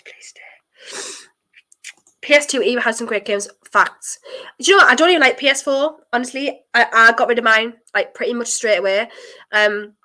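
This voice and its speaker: This is a streamer hosting a football watchalong: a young woman whose voice runs fairly high and whose nose is blocked. Nervous and excited, she keeps chatting through the live match and breaks into abrupt exclamations.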